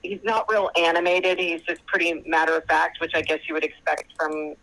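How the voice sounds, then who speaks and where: A woman's voice: on the low side, level tone, moderate pace, a bit bright, rough recording. A woman calling in to a show by phone, chatting and retelling a long conversation as she quotes others at length. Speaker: caller. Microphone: phone call.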